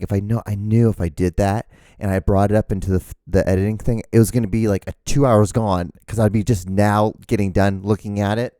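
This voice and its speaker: A man hosting his own podcast, rambling excitedly about gear with lots of fillers and restarts, out of breath. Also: lowish voice, no room sound, clean studio sound. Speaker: host. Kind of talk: casual solo podcast rambling. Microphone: camera mic, speaking to camera.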